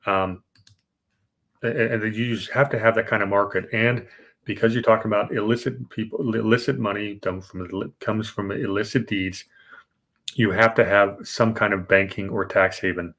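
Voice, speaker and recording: A man's voice: on the low side, fairly even intonation, moderate pace, fairly bright tone. A man hosting a podcast, explaining financial history in a casual, rambling way with fillers and restarts. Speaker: podcast host. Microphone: remote podcast setup.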